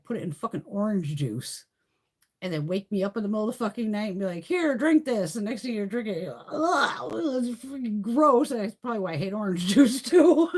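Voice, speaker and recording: A middle-aged woman hosting a beauty livestream, telling stories in a loose, animated way, swearing freely and laughing often. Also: medium pitch. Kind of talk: casual chat.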